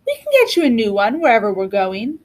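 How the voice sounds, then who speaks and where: Woman reading as a practical mother, brisk, sensible, storybook. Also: fairly high pitch, huge pitch swings.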